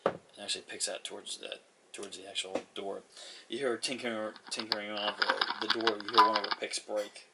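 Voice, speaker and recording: A man's voice: lowish voice, flat delivery, fairly quick, creaky, heavy background noise. A man narrating a tabletop game as game master, casual with many fillers and frequent chuckles.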